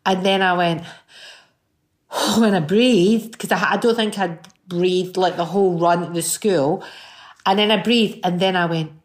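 Appearing as a guest on a chat show, this middle-aged singer from Scotland spins lively anecdotes, performing each character's voice. She speaks a little slowly, her voice on the low side.

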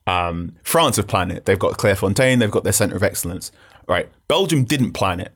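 Male panelist, low register, animated rambling talker. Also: normal speed. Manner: rambling, animated storytelling with restarts. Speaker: podcast panelist. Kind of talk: casual football chat.

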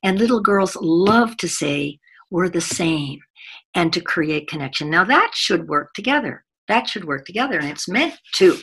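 Gravelly, husky-voiced woman speaker. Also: fairly low pitch, moderate pace. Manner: animated storytelling, acts out quoted children. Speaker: corporate gender trainer. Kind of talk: conference talk.

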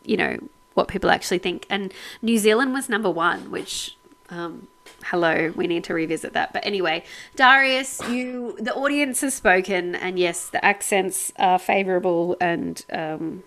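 A woman's voice: lowish voice, normal speed, creaky, a bit bright. A woman co-hosting a casual podcast, chatting and laughing often, sounding grateful as she thanks listeners. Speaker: podcast co-host.

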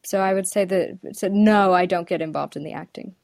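A woman's voice: lowish voice, fairly quick, a little mellow, no echo. Woman dialect coach chatting in an interview, lots of ums, dry close sound. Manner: thoughtful, many ums and restarts. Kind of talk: casual interview conversation. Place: lives in the UK.

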